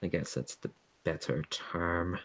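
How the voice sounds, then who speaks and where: A man's voice: sits low, measured pace, pitched below the performer's own voice. A man voicing a bored, mocking being from another dimension, talking in an amused, condescending way.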